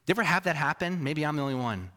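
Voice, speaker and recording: A man's voice: fairly high pitch, expressive, racing, pushed and bright. Male pastor mid-sermon; emphatic, asks the room questions, pokes fun at himself. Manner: self-deprecating asides.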